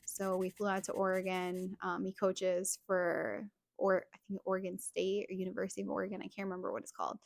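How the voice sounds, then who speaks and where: A woman's voice: medium pitch, level tone, a little fast, gravelly, hardly any pauses, no room sound, studio quality. A young adult woman hosting a podcast, telling a personal story in a chatty way full of fillers. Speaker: podcast host.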